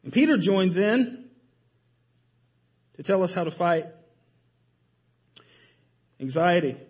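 A man preaching a sermon in a church, emphatic and full of rhetorical questions, often dropping his voice low to stress a point. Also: very animated, takes it slowly, slightly rough, muffled recording. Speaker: pastor. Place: church sanctuary.

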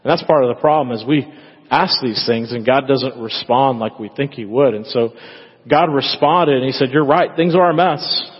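A man's voice: medium pitch, normal speed, slightly rough. A male pastor preaching a sermon in a church, talking conversationally and acting out prayers in quoted voices. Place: church sanctuary. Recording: echoey hall, dull lo-fi sound.

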